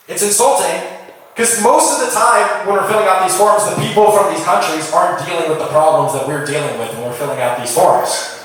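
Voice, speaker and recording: A young man performing a stand-up comedy set, riffing with the crowd in an animated way. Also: on the high side. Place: comedy venue with a live audience. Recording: echoey room, mic heard from a distance.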